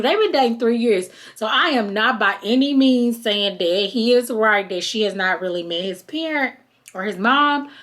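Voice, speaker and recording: A woman with hosts a podcast, recapping a reality show in a loose, chatty way. She keeps slipping into the voices of the people she describes. Her voice sits in a middle range. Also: medium pitch. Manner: chatty and animated, acts out quoted people. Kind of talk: casual recap chat.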